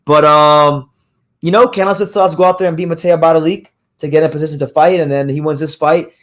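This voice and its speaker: A hoarse man hosting a live boxing news show, talking casually and rambling with frequent restarts and fillers. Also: a little high, steady tone, fast talker, fairly bright tone. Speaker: boxing podcast host.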